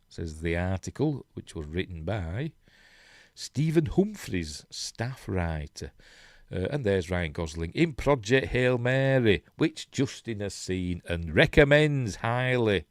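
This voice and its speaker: A man's voice: lowish voice, big pitch swings, slow pace, dry recording, clean studio sound. A man with a Yorkshire accent hosting a live stream, chatting casually, reading news articles aloud and chuckling, with lots of rhetorical tag questions. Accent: Yorkshire English. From Yorkshire, England.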